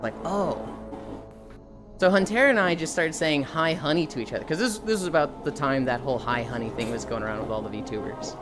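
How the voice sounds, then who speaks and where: A woman streamer chatting casually on a live stream, telling stories and acting out quotes in loud mock voices. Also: low voice, lively intonation, brisk. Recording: background music under the voice.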